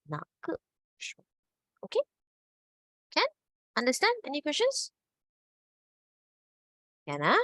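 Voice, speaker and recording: A woman's voice: fairly low pitch, fairly bright tone, no room sound, poor audio. A woman teaching a Mandarin lesson, patiently checking understanding. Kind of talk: online language lesson.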